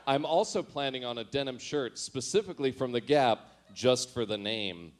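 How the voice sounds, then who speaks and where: There's a little hiss or hum behind this man's mid-range, animated voice as he reads at normal speed. A storyteller going through his old teenage diary for laughs, he gives entries a dramatic, mock-earnest delivery, often laughs through lines, and adds sheepish asides.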